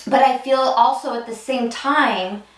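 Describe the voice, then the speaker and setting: A woman's voice: high-pitched, a little slow, fairly bright tone, roomy sound, recorded from a distance. A woman giving a pick-a-card tarot reading, talking in a loose, intuitive way with many restarts. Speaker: tarot reader.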